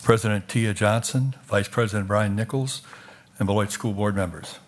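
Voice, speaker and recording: A man's voice: lowish voice, fairly even intonation, moderate pace. A man from Wisconsin reading a prepared, formal statement during public comment at a school board meeting. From Wisconsin, USA.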